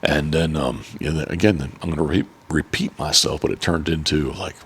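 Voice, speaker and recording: Brief: low-voiced male host, rambling, swears freely, casual podcast chat. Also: steady tone, brisk, a bit bright, a little hiss or hum. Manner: rambling and profane, with many restarts. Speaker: podcast host and duck hunting guide.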